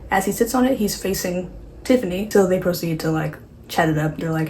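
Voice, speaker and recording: A woman hosting a casual horror movie recap, sarcastic and offhand, full of quick asides. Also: fairly low pitch, animated, darkish tone, a little hiss or hum, rough recording.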